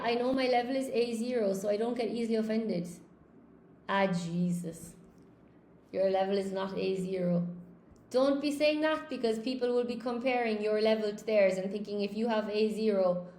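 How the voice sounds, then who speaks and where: A woman's voice: mid-range voice, a little mellow, roomy sound. A woman English teacher running a live-stream lesson, chatting candidly as she reads viewers' comments aloud and answers them.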